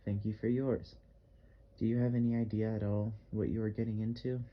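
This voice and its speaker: A man's voice: on the low side, flat delivery, a little fast, highs cut off, natural voice. A man voicing a blunt, strong-voiced Russian-accented artist. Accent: vague Russian. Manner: blunt, insistent, repeats commands. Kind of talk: audiobook character reading.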